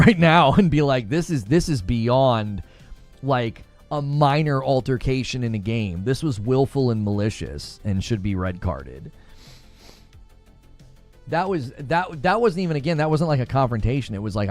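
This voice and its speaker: A middle-aged man hosting a gaming podcast, telling a story in casual chat, heated and animated, restarting sentences often. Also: mid-range voice, no echo. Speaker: podcast host.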